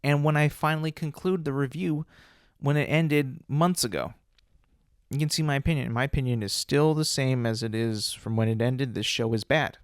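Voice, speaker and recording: A man's voice: mid-range voice, moderate pace, no room sound, studio quality. A man hosting a solo podcast, ranting bluntly with lots of swearing and repeated words. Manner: blunt, profane, repetitive ranting. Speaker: podcast host.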